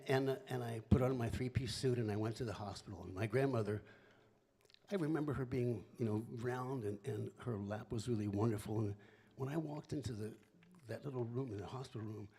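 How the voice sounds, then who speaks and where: A man's voice: medium pitch, fairly quick, warm tone, husky. A man in his seventies from Philadelphia, a singer-songwriter telling a rambling, chatty family story between songs, with laughing asides. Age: 70s.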